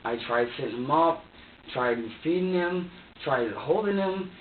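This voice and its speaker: A man being questioned by police, recounting events in a halting, repetitive way with many fillers and restarts. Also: a little high, animated, distant mic, a little hiss or hum. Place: sheriff's interview room. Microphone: distant room recorder. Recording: tinny lo-fi, echoey room, off-mic.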